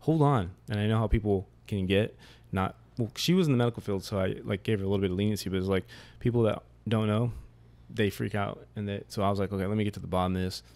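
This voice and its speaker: A man's voice: on the low side, quick pace, darkish tone. A man in his forties, a podcast guest in casual conversation, chiming in and then telling his side of a family story at length.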